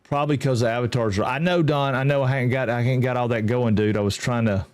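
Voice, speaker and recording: A man's voice: medium pitch, fairly even intonation, fast, darkish tone. Easygoing man streaming. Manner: rambling and easygoing, greets chat by name. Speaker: game streamer. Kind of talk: casual livestream chat.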